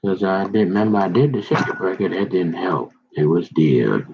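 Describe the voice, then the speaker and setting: A man rambling slowly through a casual monologue, folksy and meandering, with trailing asides. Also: low-pitched, breathy edge. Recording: dull lo-fi recording.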